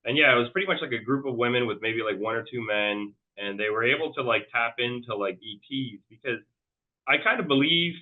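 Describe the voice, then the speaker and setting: A man's voice: mid-range voice, fairly quick. A man telling a long personal story as an interview guest, rambling loosely and restarting his sentences often. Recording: tinny phone-like line.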